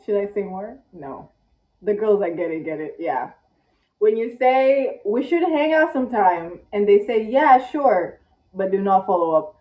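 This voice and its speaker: A tired young woman vlogging casually in one take, chatty and dramatic, with squeaky rhetorical questions. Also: expressive, a little slow, dark tone. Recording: echoey room, distant, dull mic.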